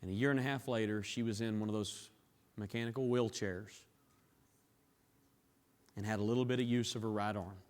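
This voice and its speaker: A man preaching a sermon in a church, dropping to hushed tones and building to raised, emphatic climaxes. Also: fairly low pitch, fairly even intonation, a little fast, pauses often. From Southern US. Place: church sanctuary. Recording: long reverb of a large hall.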